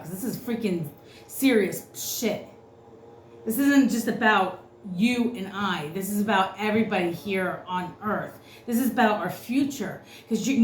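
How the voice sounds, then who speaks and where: Blunt, cursing woman tarot reader. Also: mid-range voice. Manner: blunt, profane, ranting. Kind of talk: unscripted spiritual reading. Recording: roomy echo, faint noise.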